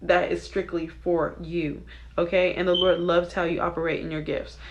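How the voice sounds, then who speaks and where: A woman's voice: on the low side, little pitch movement, moderate pace, lo-fi sound, noisy background. A young adult woman talking casually and earnestly to her viewers, giving a spiritual reading with many fillers and asides. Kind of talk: casual devotional talk to viewers.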